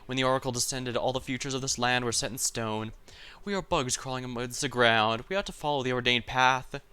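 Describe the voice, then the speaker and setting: A man voicing a calm female sea cultist who speaks in slow, serene pronouncements. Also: mid-range voice, smooth, natural voice.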